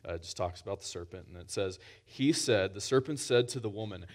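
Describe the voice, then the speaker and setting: A man's voice: lowish voice, a little fast, few pauses. Conversational male preacher, restarts a lot. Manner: conversational, many restarts, rising emphasis. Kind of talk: sermon.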